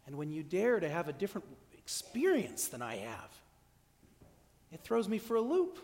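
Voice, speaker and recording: A man with a high voice preaches a casual, humorous sermon, often restarting his sentences as he goes. He speaks in a church, and his voice rings out with a long reverb. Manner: humorous, animated, with frequent restarts. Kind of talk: conversational sermon. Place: church during an evening service.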